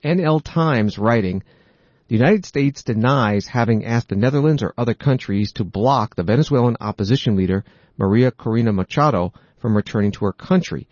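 A man hosting a news program, reading reports in a steady, measured scripted delivery. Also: medium pitch, dry recording, dull audio. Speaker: news host.

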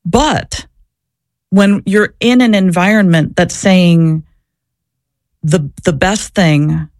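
A woman's voice: fairly low pitch, slow pace, a little mellow, dry recording. A woman guest in an interview, telling personal stories candidly and reflectively, often repeating words and restarting sentences. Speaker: interview guest, former abortion clinic worker. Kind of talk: candid personal storytelling in conversation.

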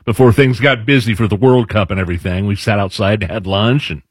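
A man's voice: fairly low pitch, fairly quick, slightly rough, no room sound, clean studio sound. A man co-hosting a chat show, talking casually and laughing easily. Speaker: co-host.

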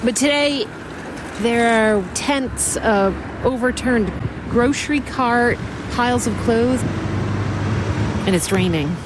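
A woman reporter describing a scene on location outdoors in the rain, slowly and descriptively. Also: on the high side, background noise.

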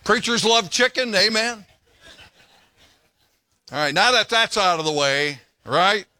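An older man preaching in a folksy, joking way, trading jokes and scripture. His voice sits high and swings around a lot, bright and forceful. The sound is dry and close. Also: animated, slow, no room sound. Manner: folksy, joking preacher who breaks off to tell stories. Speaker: pastor. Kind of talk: sermon.

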